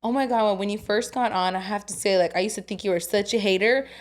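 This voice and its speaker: A woman's voice: medium pitch, fast talker. A young woman in her twenties co-hosting a casual chat podcast, laughing often, swearing freely and acting out her own thoughts as quotes. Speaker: podcast co-host.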